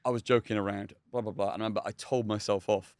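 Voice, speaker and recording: Male chef guest, rapid anecdotal delivery with lots of ums, lower pitch. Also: fairly even intonation, dry recording. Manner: quick, chatty, many fillers and restarts. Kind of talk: casual storytelling.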